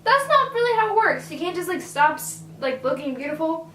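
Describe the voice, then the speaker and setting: A woman's voice: very high voice, very animated, brisk, fairly bright tone, reverberant, distant mic, a little hiss or hum, poor audio. A teenage girl from Virginia telling a casual storytime, chatty and full of "like.". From Virginia, USA. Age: teens. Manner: chatty, filler-heavy "like". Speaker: vlogger.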